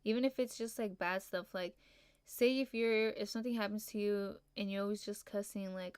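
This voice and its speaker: A woman's voice: mid-range voice, fairly even intonation, a little fast, smooth, no echo. A young woman hosting a casual solo podcast, laid-back and rambling, full of fillers and casual swearing. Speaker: podcast host.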